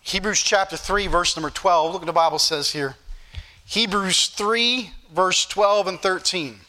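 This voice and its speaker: High, bright-voiced preacher man. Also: unhurried. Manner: exhorting, repeats scripture references, rising emphatic bursts. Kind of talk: sermon.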